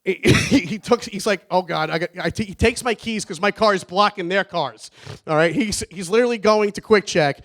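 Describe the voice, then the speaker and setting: A man's voice: sits high, moderate pace, a bit bright. A man giving a rambling, nervous wedding toast for his brother, laughing often. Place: wedding reception.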